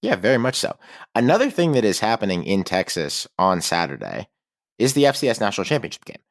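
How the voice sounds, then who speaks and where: A man's voice: on the low side, huge pitch swings, fast talker, vocal fry, dry recording, clean studio sound. A man co-hosting a casual college football podcast, chatting and reading sponsor spots with enthusiasm. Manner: conversational, reads sponsor reads with enthusiasm. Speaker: podcast co-host. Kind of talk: casual sports podcast talk.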